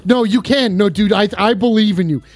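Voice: mid-range voice, fairly quick, no echo, faint music behind. A tipsy streamer in casual chat, goofily reading viewers' questions aloud to a guest.

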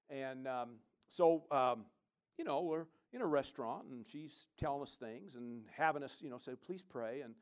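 A male pastor preaching a sermon, animated, with rambling, chatty asides to the congregation. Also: medium pitch.

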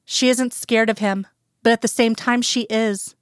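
A woman reads a fanfiction story aloud in an even, unhurried storytelling voice. Her tone is smooth and resonant, recorded dry and close with no room around it. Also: on the high side, no room sound. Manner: calm storytelling, plain voices for quoted characters. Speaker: fanfiction reader. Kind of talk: scripted narration.

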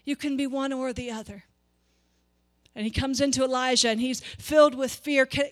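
Bright, high-voiced woman preaching a sermon. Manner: passionate, rising to emphatic peaks, repeats words.

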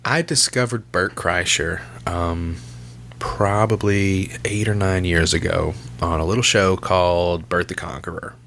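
A man's voice: low-pitched, measured pace, fairly bright tone. Laid-back, cussing male podcast host. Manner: loose and profane, laughs while telling stories. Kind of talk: casual chat.

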